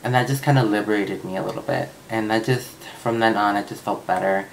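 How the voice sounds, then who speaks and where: A man's voice: fairly low pitch, fairly even intonation, brisk, creaky, slight background noise, poor audio. A young man vlogging, telling a personal story in a casual, chatty way with lots of fillers and swearing.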